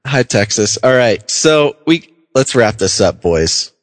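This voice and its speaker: A man's voice: medium pitch, expressive, slow, no room sound. A man co-hosting a podcast in casual banter, joking and laughing often. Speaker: podcast co-host.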